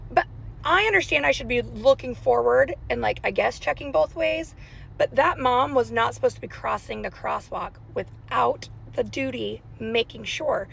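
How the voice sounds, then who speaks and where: A woman's voice: high-pitched, animated, a little fast, vocal fry, a bit bright, a little hiss or hum, rough recording. Anxious chatty woman vlogging from her car. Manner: chatty, anxious, rambling storytelling. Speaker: parent vlogger. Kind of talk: casual storytime vlog. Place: in a car in a school pickup line. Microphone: phone held in car.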